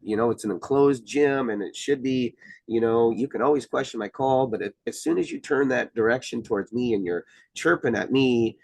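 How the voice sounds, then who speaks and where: Measured middle-aged man explaining rules. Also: medium pitch, vocal fry, breathy edge, no echo. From Iowa, US. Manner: measured, explanatory, many fillers. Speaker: wrestling official, guest. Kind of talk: casual podcast conversation.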